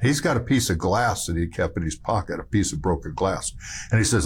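A man's voice: low voice, animated, brisk, breathy edge. A man giving emphatic, rambling storytelling commentary, full of restarts and asides.

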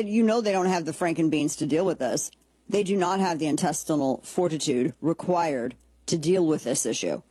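A woman hosts a political talk show with a slightly husky voice, recorded dry and close to the mic. She talks in a sarcastic, blunt, joking way and often restarts her sentences as she thinks aloud. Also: on the low side, a little mellow, no echo. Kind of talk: opinionated political commentary.

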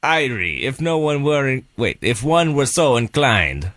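Man doing a wobbly Jamaican accent, slow and lazy, bouncy delivery. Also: mid-range voice, sing-song, a bit bright, no echo, clean studio sound. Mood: laid-back. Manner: slow, laid-back drawl that keeps slipping. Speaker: radio co-host.

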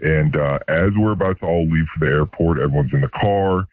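A man in his forties calls in and tells his story in a sheepish, rambling way. A voice changer pushes his voice extremely deep and husky. It comes through a thin, muffled phone line. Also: fairly quick, no echo. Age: 40s. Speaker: anonymous caller. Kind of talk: confessional call-in story.

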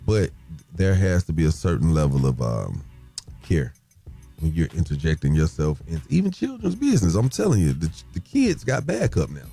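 Deep gravelly radio host man. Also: moderate pace, faint music behind. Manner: animated, acts out yelling in quotes. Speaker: radio morning show host. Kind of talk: casual radio talk.

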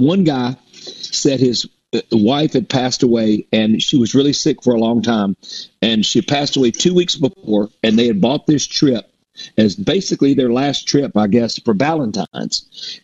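Middle-aged male guest, husky, rambling storyteller, dull lo-fi audio. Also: mid-range voice, moderate pace, darkish tone. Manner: rambling, with many restarts and fillers. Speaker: performer and guest. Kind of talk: casual interview storytelling. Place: performs a resident show in a Mississippi theater.

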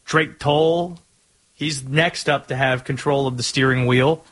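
A man's voice: mid-range voice, fairly even intonation, measured pace, a bit bright. A man hosting a podcast, chatting casually and plugging the show. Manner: upbeat, wraps up with show plugs. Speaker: podcast host. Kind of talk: casual chat.

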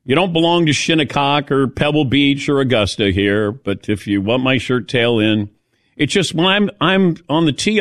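A male talk host in casual conversation, telling stories with a sarcastic edge. His voice sits at an ordinary middle pitch. The sound is close and dry. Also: fairly bright tone, dry recording. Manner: chatty storyteller with a sarcastic edge. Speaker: radio sports talk host.

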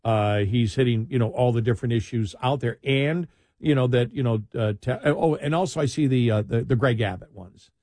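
A man's voice: medium pitch, fairly quick, a little mellow, no echo. A man chatting casually about politics, rambling with restarts and sarcastic asides.

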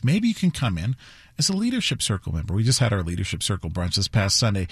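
A man in a mid-range voice makes an urgent, persuasive pledge drive appeal on morning radio. His pitch rises and falls widely, and he is heard close and dry in the studio. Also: slightly rough, no room sound. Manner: urgent, persuasive, repeats phone number slowly. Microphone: studio microphone.

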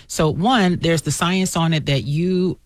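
Calm, soothing woman. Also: on the low side, measured pace, no room sound, clean studio sound. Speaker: therapist guest on a radio show. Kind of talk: on-air advice.

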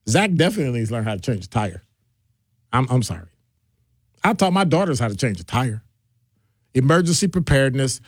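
Animated middle-aged male radio host. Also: no room sound, clean studio sound. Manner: animated, jokey, shifts pitch for quoted voices. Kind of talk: call-in radio talk.

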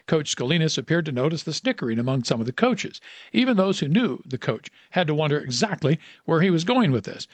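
A man hosting a radio segment, reading an inspirational story aloud with earnest emphasis and dramatic pauses. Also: fairly high pitch, no room sound.

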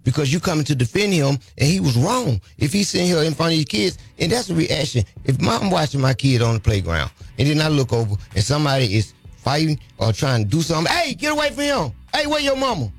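A man co-hosting a talk radio show, joking and bantering in an animated way. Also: fairly high pitch, fast talker, vocal fry, hardly any pauses, slightly rough, faint music behind.

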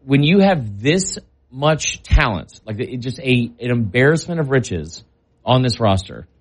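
A man co-hosting a casual sports chat, rambling with lots of fillers and getting loud and excitable. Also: mid-range voice, measured pace, breathy edge. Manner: rambling, filler-heavy, animated. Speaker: sports podcast co-host.

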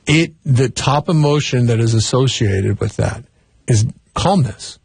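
A man with a General American accent, co-hosting a casual chat, chatty and quick to laugh. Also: medium pitch, lively intonation, vocal fry, darkish tone, breathy edge, no echo. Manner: chatty, laughs easily, restarts often. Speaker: podcast co-host.

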